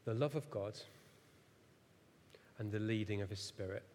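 His voice lowish and his pace moderate, a man in his thirties gives a sermon in a church hall with echoey reverb. He tells a story at his own expense, animated and self-deprecating, often laughing at his failings.

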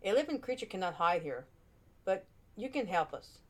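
A woman reading a storybook voices a male king of the toy island in a slow, solemn and kindly way. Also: medium pitch, very animated. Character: stern king of an island of toys.

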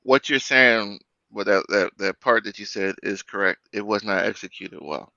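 A man co-hosting a podcast in casual debate chat, halting and repeating words as he makes his critique. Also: fairly low pitch, creaky, pushed and bright, dry recording, dull audio. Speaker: podcast co-host.

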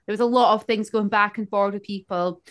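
A woman co-hosting a podcast, telling a story in an animated, casual way and acting out the people she quotes. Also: medium pitch, fast talker. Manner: animated, acts out quoted characters. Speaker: podcast co-host.

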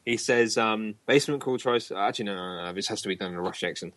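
A man hosting a casual gaming podcast, rambling with many ums and quick to laugh. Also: lowish voice, a bit bright, no echo. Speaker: podcast host.

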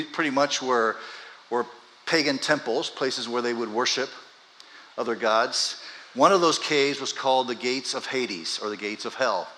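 Bright-voiced male preacher in a reverberant hall. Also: mid-range voice. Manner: animated, swings from quiet storytelling to loud emphatic peaks. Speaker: pastor. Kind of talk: conversational sermon.

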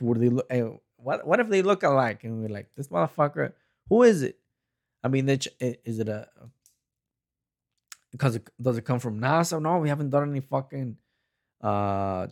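A man in a casual, rambling rant who swears constantly, often restarting and trailing off mid-thought. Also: fairly low pitch.

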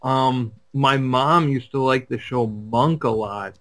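A man's voice: medium pitch, slow, a bit bright. A man co-hosting a casual podcast chat, talking in a laid-back, easygoing way. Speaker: podcast co-host.

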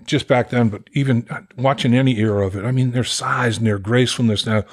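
Animated older man telling stories. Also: medium pitch, a little fast. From Boston area, Massachusetts. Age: 60s. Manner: animated, acts out quoted voices, laughs while telling stories. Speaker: podcast guest, former pro football player. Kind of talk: casual storytelling.

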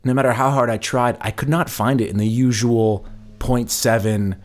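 Chatty American man, mid-pitched voice. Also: steady tone, normal speed. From United States. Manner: chatty, stammers and restarts often. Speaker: podcast co-host. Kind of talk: casual chat.

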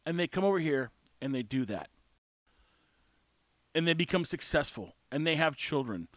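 A man's voice: on the high side, expressive, moderate pace, long pauses, a bit bright, no echo. A man talking in a casual monologue, candid and emphatic in a conversational way.

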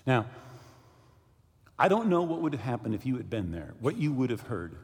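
A man preaching a sermon as pastor, telling a personal story and reading scripture slowly and deliberately. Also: mid-range voice, gravelly. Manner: storytelling with lively swings, slowing down for scripture reading. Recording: long hall reverb.

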